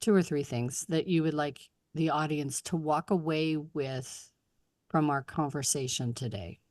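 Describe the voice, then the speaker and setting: A woman's voice: deep voice, measured pace, darkish tone, dry recording, studio quality. A woman hosting a podcast interview, giving short supportive replies and laughing often. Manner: brief supportive backchannels with frequent laughter. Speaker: podcast host.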